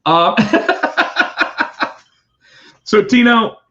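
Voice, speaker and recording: A man telling a work story in casual chat, animated and profane, putting on voices for the callers. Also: very high-pitched, drawn-out words, a little hiss or hum. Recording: dull lo-fi sound.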